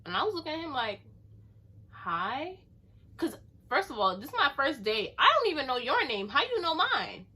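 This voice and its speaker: Young woman vlogger, high-ish bright voice, chatty storytime delivery. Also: fast talker. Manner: chatty and animated, leaning on filler "like". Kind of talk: casual storytelling to camera.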